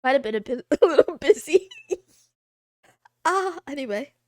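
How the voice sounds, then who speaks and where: A woman in her twenties chatting on a livestream, rambling from thought to thought and poking fun at herself between giggles. Her voice sits high. The sound is close and dry, with no room around it. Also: expressive, normal speed, a little mellow, no echo. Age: 20s. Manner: rambling, giggly, self-deprecating. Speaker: streamer. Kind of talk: casual livestream chat.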